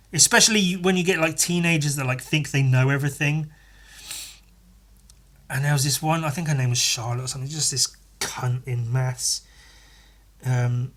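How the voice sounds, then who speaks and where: A young man hosts a podcast in an unscripted storytelling monologue. His voice sits at a middle pitch with a bright, forward edge. He talks in a sardonic way, swears freely and often laughs. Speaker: podcast host.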